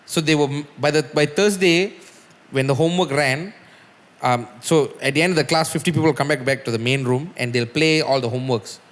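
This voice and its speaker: Man, podcast guest musician, animated storytelling, swears, long echoing reverb. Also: on the high side, a little fast.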